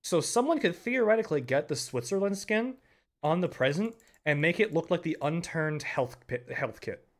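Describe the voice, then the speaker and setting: A young man giving live commentary on a game, excitable, breaking into loud yells and laughter. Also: fairly high pitch, moderate pace. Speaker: game streamer.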